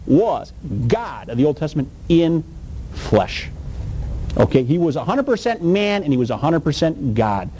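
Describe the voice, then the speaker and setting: Folksy high-voiced male preacher. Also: sing-song, moderate pace, dark tone, slight background noise, poor audio. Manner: folksy, emphatic, colloquial. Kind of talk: sermon.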